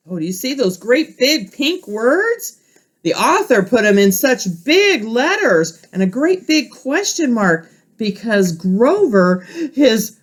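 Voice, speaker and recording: Teacher with a lively, rising voice. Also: female voice, on the high side. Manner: gentle, instructive, addresses listeners directly. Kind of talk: reading a picture book aloud to children.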